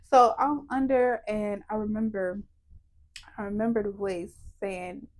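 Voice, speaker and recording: A woman's voice: mid-range voice, unhurried. A woman giving a personal testimony on a podcast, telling it vividly, acting out the voices of others and laughing through painful memories. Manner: animated, emotional storytelling that acts out quoted voices. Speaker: guest telling her testimony.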